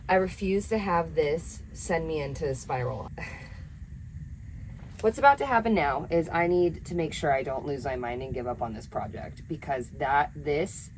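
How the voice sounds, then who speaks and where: A woman's voice: low voice, lively intonation, normal speed, slight background noise. A woman vlogging her DIY build to camera inside a small camper, talking in a candid, emotional and self-deprecating way. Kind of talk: casual vlog talking to camera.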